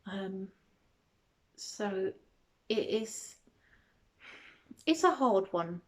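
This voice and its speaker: A woman's voice: medium pitch, lively intonation, drawn-out words. A young woman vlogging, answering questions to the camera in a hesitant way, with many ums and restarts and small laughs. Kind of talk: casual talk to camera.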